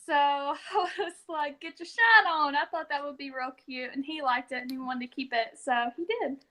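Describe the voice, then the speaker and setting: High-voiced young Southern woman. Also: moderate pace. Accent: Southern American. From Southern United States. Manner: giggly, warm storytelling with frequent laughs. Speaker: podcast guest. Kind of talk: casual chat.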